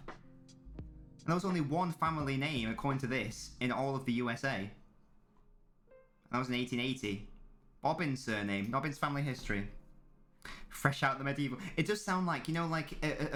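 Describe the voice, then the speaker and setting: A man's voice: mid-range voice, fairly bright tone. A man, chatting casually and joking as a live streamer reacting to a football match, rambling and swearing freely.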